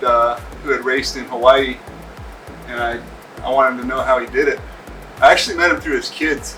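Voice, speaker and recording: A man casually recalling how he met his training partner, in a relaxed, halting way with many fillers. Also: medium pitch. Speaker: interviewee, paddling coach. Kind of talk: casual recollection. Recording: distant mic with faint music.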